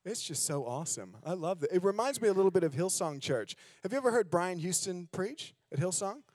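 A man's voice: high-pitched, expressive, fairly quick, a little mellow, dry recording. A man from Australia with an American accent, preaching a sermon as a guest preacher and leading prayer, fervent and fond of repeating "just". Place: decorated church hall.

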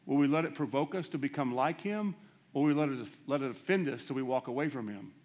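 A man preaching a storytelling sermon, animated and self-deprecating, swinging between loud bursts and hushed asides as he acts out the dialogue. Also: medium pitch, fast.

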